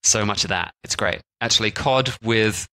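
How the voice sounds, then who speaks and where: A man's voice: fairly low pitch, normal speed, sharp tone, poor audio. A man co-hosting a travel podcast, chatting casually with plenty of "like" and restarts. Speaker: podcast co-host. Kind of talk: casual chat.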